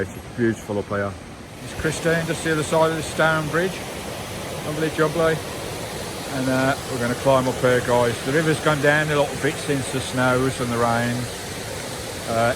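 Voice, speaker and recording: Chatty man vlogging on a noisy trail. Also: mid-range voice. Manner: chatty and rambling, keeps calling out to the viewers and his dog. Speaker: vanlife vlogger. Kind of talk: casual walking vlog chat to viewers. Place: outdoors on a wooded hillside trail by a stream. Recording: noisy outdoor recording.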